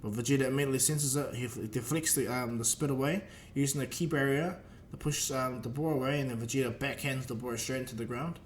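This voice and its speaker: A man's voice: medium pitch, steady tone, fast talker, few pauses, slight background noise. Man rambling through a fan story. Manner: loose, rambling, many fillers. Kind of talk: casual spoken fan-fiction retelling.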